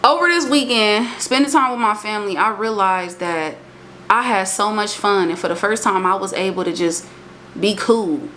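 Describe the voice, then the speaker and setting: A woman's voice: moderate pace, a little hiss or hum. A young woman, talking casually and emphatically in a motivational vlog monologue. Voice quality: emphatic and animated, swings into high exclamations. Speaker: vlogger.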